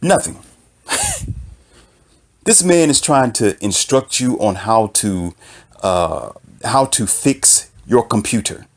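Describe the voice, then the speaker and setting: Male commentator, mid-pitched, animated intonation, repeats key phrases like a sermon. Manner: emphatic, repetitive, preaching tone. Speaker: author and commentator. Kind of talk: impassioned opinion monologue.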